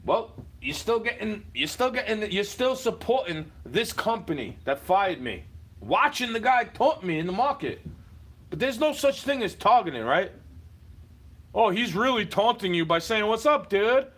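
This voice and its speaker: A man ranting at the camera from his home, profane and confrontational, shouting at times. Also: high-pitched, sing-song, normal speed, slightly rough. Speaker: livestreamer. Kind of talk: angry rant to camera. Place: indoors, home.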